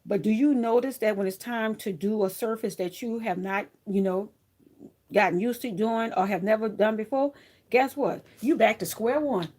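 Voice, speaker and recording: A woman crafter chatting casually to her viewers, telling stories in a lively, animated way with frequent laughs and asides. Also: medium pitch, normal speed. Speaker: craft vlogger.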